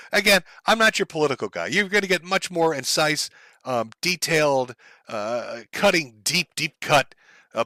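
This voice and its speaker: A man's voice: medium pitch, pushed and bright, no echo. A man hosting a livestream, ranting in a heated, profane and sarcastic way about current events. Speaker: streamer host.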